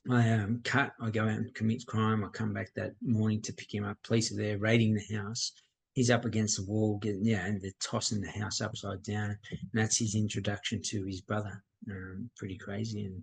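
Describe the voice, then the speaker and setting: Middle-aged man, husky and low, candid storyteller. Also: poor audio. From Australia. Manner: reflective, plain-spoken, acts out quoted dialogue. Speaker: podcast guest, mindset coach.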